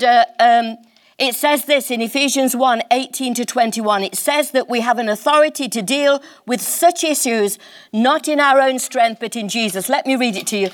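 A woman preaching a sermon in church, impassioned and emphatic, slowing down to stress key words. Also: fairly high pitch.

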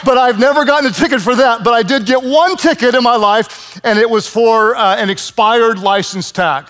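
Man in his 50s, pastor, high voice, animated storytelling sermon, self-mocking humor. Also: normal speed.

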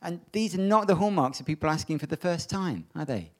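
Lively male preacher telling Bible stories. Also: a little high, fairly quick. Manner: animated storytelling, acting out voices in Bible readings. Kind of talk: sermon.

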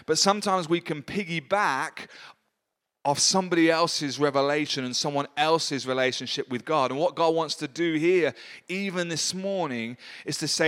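An earnest man delivers a sermon during a church service, encouraging his listeners. His voice sits a little high for a man. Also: normal speed, fairly bright tone. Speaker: preacher.

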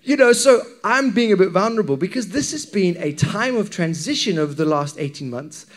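A man's voice: high voice, expressive, brisk. A man preaching a sermon to his congregation, talking in a candid, conversational way and often checking in with the listeners. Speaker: pastor.

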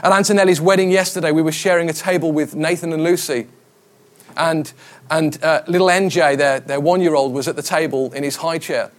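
A man's voice: on the high side, steady tone, a little fast. A middle-aged man, a pastor, preaching a conversational sermon, with stories and quoted voices.

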